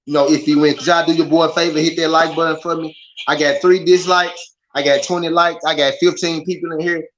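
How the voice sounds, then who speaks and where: A man with a Southern American accent hosting a casual boxing livestream, talking to his chat in an animated, repetitive way. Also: a little high, brisk. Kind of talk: casual live commentary. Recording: slightly dull lo-fi stream audio.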